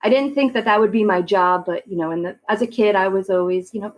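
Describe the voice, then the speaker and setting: A woman's voice: medium pitch, quick pace, hardly any pauses, poor audio. Woman, forties, from long island, casual interview chat, lots of fillers, podcast mic. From Long Island, New York. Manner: chatty, laughs easily, many "you know" fillers. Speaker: guest.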